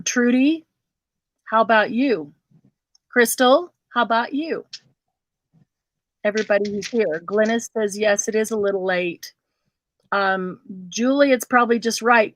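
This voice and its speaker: A woman's voice: fairly high pitch, no room sound. A woman hosting a casual craft livestream, chatting with viewers and calling them by name.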